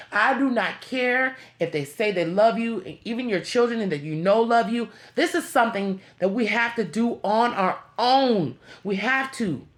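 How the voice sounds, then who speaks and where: A woman speaking to her viewers in an emotional, heartfelt motivational talk, pleading and repeating herself, close to tears. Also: medium pitch. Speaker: vlogger.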